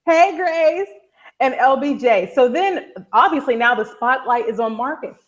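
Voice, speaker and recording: Female co-host, high voice, animated, live recap chat. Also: measured pace. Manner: animated storyteller, repeats a catchphrase. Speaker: podcast co-host.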